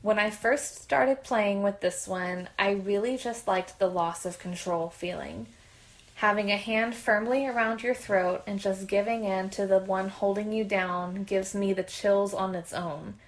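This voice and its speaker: A woman podcast host reading a submitted story aloud in a candid, conversational way. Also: medium pitch.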